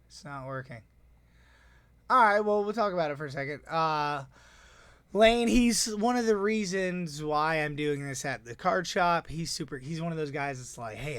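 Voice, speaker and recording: Excitable man rambling about his games. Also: on the high side, clean tone, no echo. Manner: excitable, rambling, quick asides. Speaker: tournament organizer and player. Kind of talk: casual deck breakdown.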